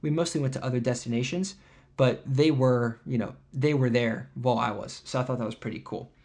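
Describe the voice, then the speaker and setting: A man's voice: mid-range voice, fairly quick. Indignant man telling a travel story. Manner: animated indignant storytelling with sarcastic asides. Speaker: podcast host. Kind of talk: casual chat.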